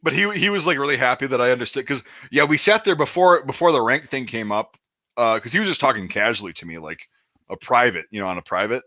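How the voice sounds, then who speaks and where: Swearing man telling a story, bright lo-fi. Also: medium pitch, animated, fast, no room sound. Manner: rambling, swears a lot, acts out quotes. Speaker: podcast host. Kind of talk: casual chat, telling a war story.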